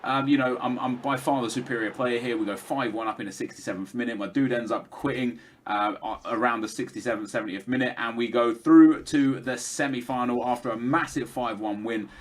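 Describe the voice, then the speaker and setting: A young gaming commentator rambles casually over his own gameplay, chatty and full of fillers and restarts. His voice is medium-pitched and his pace brisk.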